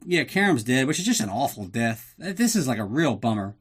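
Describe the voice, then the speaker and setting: A male podcast host retells a movie plot in a loose, rambling way. He is full of sarcastic asides and casual profanity, and his voice sits at an ordinary middle pitch. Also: very animated, brisk, hardly any pauses, husky.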